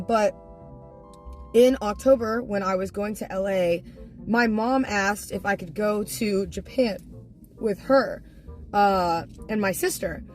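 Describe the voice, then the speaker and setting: A young woman streamer telling a family story casually to her viewers, animated, laughing and swearing freely. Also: medium pitch.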